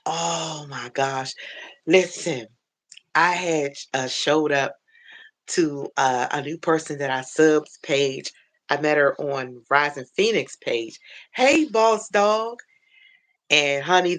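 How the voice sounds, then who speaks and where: A woman hosting a casual livestream on her phone, chatting warmly with viewers she calls baby and honey, greeting each one by name. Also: low-pitched. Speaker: livestream host.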